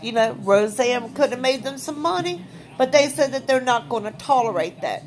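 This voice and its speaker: A woman's voice: a little high, expressive, moderate pace. A woman vlogger ranting in a blunt, fired-up, profane way straight to her viewers. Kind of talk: casual opinion rant.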